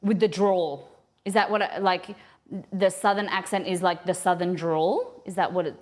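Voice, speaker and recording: A woman's voice: on the low side, steady tone, moderate pace. Rambling woman chatting while cooking. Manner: rambling, thinking aloud with many restarts. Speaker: cooking streamer. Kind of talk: casual live cooking chat. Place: home kitchen.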